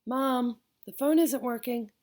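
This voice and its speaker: A woman's voice: fairly high pitch, slow, darkish tone, pitched above the performer's own voice. A woman voicing a frustrated, plainspoken young boy from a poor family in an audiobook. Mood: plain.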